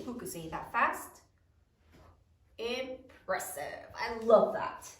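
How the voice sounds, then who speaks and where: A woman teacher slowly walks a class through spelling, sounding out every letter and phonogram with care. Her voice sits high and swings widely in pitch. She is heard from some way off, in an echoing room. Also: animated, distant mic. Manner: slow, deliberate, sounds out phonograms. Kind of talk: spelling lesson dictation.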